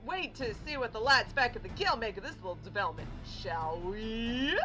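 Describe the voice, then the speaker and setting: A woman's voice: fairly high pitch, animated, normal speed, sharp tone, faint music behind, rough recording. Woman doing a wry, scheming showman. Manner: wry, chatty, confiding. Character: shrewd, cheerful male showman and ringmaster.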